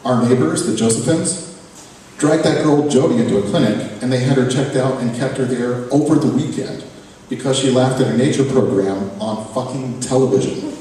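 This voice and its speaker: A man reads his own fiction aloud in a sardonic, profane first-person voice with a dark, mellow tone. He is caught from a distance in a big echoey hall, with a faint murmur of room ambience behind him. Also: mid-range voice, moderate pace, a little hiss or hum. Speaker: author reading his fiction. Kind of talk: live fiction reading. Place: reading event venue, hall.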